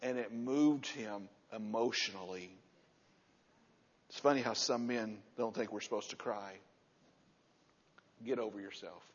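A man in his sixties preaching a sermon, repeating key words with emphasis and dropping to a soft, low voice to stress a point. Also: measured pace, long pauses, husky. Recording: muffled sound with long hall reverb.

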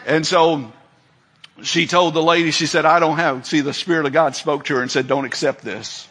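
Telling homespun stories in a sermon, this middle-aged male preacher acts out the voices of his characters and laughs frequently. He speaks at a normal speed in a voice on the high side, steady, bright, and forceful.

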